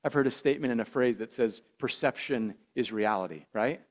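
A man, a pastor preaching a sermon with earnest repetition that swells louder on key phrases. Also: medium pitch, brisk. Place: church.

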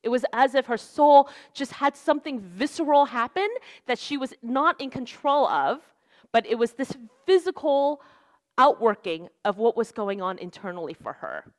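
A woman's voice: fairly high pitch, expressive, moderate pace. A young woman preaching a sermon in an earnest, conversational way, with lots of "like" and "right?". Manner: casual, earnest, fillers like "like" and "right?".

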